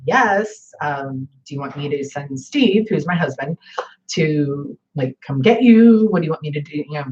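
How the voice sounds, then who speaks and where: A woman's voice: low voice, lively intonation, normal speed, darkish tone, lo-fi sound, a little hiss or hum. A woman in her forties chatting casually in a home vlog, rambling with lots of fillers. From northern United States. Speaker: vlogger. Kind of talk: casual chat.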